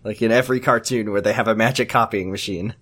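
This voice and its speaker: A man's voice: on the low side, fairly even intonation, fast, fairly bright tone. Joking man on a podcast. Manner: joking, sarcastic, laughs often. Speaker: podcast co-host. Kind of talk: casual recap chat.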